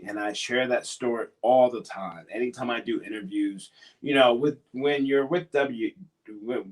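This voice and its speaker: A man, a former pro wrestler, telling stories as a guest in a casual interview, rambling and repeating himself. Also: lowish voice. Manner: rambling, repeats words and restarts.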